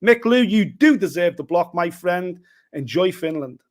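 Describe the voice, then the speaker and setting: A man's voice: high-pitched, expressive, moderate pace. A man with a Scouse accent co-hosting a live show, trading jokey, teasing banter. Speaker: co-host. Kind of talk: casual live show chat.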